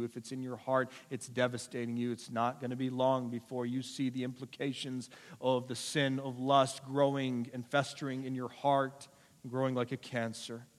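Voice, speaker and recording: A male pastor preaching a sermon to a congregation, building to loud, repeated urgent appeals. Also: medium pitch. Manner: preaching with rising intensity and repetition. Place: church sanctuary. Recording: long hall reverb.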